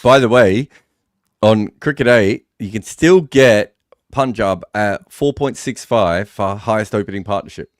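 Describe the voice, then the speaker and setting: A man co-hosting a live sports watch-along, giving relaxed, reflective analysis of the play. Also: fairly low pitch, unhurried, no room sound, studio quality. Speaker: co-host and analyst.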